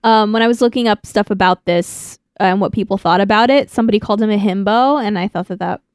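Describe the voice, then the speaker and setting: A woman's voice: medium pitch, fast, clear, resonant tone, no room sound, clean studio sound. A young woman co-hosting a podcast, chatting casually with frequent laughs and fillers. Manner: giggly, chatty, lots of fillers. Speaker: podcast co-host. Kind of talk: casual chat.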